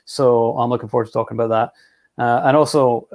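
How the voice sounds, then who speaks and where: Male host, casual film talk, mid pitch, loose and chatty. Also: fast. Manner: relaxed, rambling with restarts. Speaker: podcast host.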